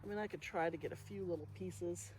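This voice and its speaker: A woman's voice: on the low side, fast. A woman vlogging about her garden, chatting casually and thinking aloud as she works outdoors. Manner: chatty, thinking aloud, soft-spoken asides. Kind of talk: casual narration while working. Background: passing traffic.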